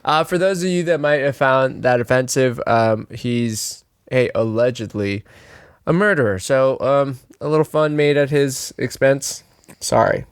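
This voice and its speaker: Young male co-host, a bit nasal, halting delivery, dead-dry room. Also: mid-range voice, smooth, dry recording. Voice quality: a little nasal. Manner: hesitant, stumbling restarts. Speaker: podcast co-host. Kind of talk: casual chat.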